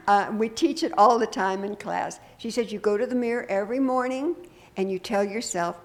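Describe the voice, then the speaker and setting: An older woman minister preaching a sermon to her congregation, conversational and gently humorous, often asking the room questions. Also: mid-range voice, moderate pace. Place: church sanctuary.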